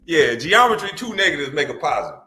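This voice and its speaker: Ranting fast in a sing-song, sharp-toned voice on the high side, a male reaction-show host profanely tears into and mocks his target. Faint music runs underneath.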